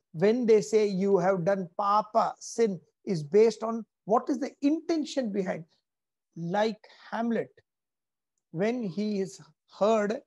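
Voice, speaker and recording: Gravelly, husky teacher. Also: male voice, high voice, a little mellow. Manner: emphatic, storytelling, repeats key phrases. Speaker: spiritual teacher. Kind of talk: spiritual lecture to a class.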